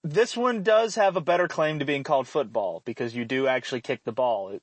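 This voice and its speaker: A man's voice: medium pitch, brisk, slightly rough, dry recording. A man hosting a casual sports podcast, joking and laughing often as he talks. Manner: laughs often, animated and jokey. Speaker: podcast host.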